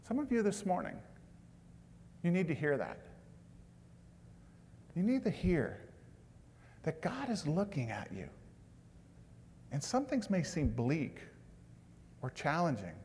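A man delivering a sermon with a slightly high voice. He drops to a hushed tone for tender lines and rises to loud, emphatic bursts. His voice rings with a long reverb through a large hall. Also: slight background noise. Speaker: pastor.

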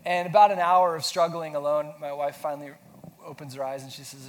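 A man's voice: on the high side, steady tone, fairly quick. A pastor preaching a sermon, feeling sick, talking casually and asking his congregation questions. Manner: conversational, self-deprecating humor, asks the audience questions. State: sick with flu. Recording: long hall reverb, faint noise.

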